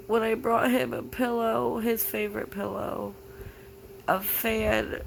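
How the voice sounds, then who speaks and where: Slow, gravelly, tearful young woman. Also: a little high, noisy background. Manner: halting, full of "like" fillers, grieving. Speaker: vlogger. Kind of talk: personal confessional vlog.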